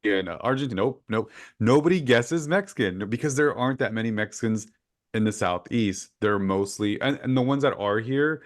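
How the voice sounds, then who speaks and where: A man's voice: medium pitch, normal speed. A male podcast host talking in a casual, effusive interview chat, full of fillers. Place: current home in Orlando.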